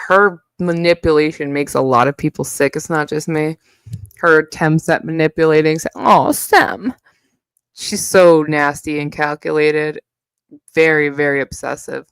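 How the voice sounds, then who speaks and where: A young woman with a New York accent talks in an unhurried, rambling way, cursing freely and going off on tangents. Her voice sits at an ordinary middle pitch and is recorded close and dry, with almost no room sound. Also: clean tone, no room sound. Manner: profane, blunt, rambling with sung asides. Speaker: live streamer. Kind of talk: casual livestream rant.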